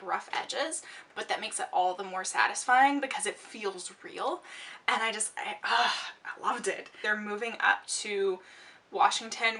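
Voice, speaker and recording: A woman reviewing a book while she does her makeup, talking in an excited, gushing way with lots of fillers and restarts, and sounding a bit out of breath. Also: medium pitch, recorded from a distance.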